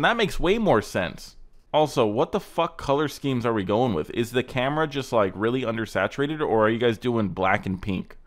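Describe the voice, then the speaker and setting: A man's voice: medium pitch, expressive, moderate pace. Sarcastic man roasting car clips. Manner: sarcastic, ranting, profane roasting. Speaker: host reacting to car clips. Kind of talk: casual reaction commentary.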